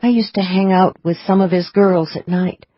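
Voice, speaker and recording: Woman narrator as an earnest wary young woman, quiet, lowish voice, dull dry audio. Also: fairly even intonation, normal speed, dry recording, natural voice.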